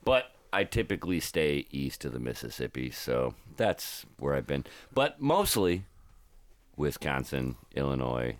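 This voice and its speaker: A very deep-voiced man from Ohio who drives trucks for a living. He rambles through casual podcast chat, full of fillers and restarts. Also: very animated, measured pace, no echo.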